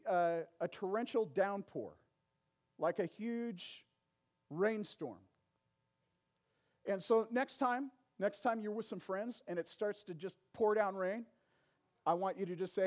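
A man's voice: high voice, takes it slowly, a little mellow. Conversational man preaching a sermon. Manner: conversational preaching with frequent call-and-response "amen" and "right". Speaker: pastor.

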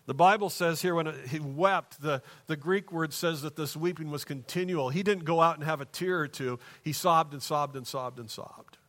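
A pastor preaching a sermon in church, moving between hushed, slow passages and raised, emphatic ones. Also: male voice, on the high side.

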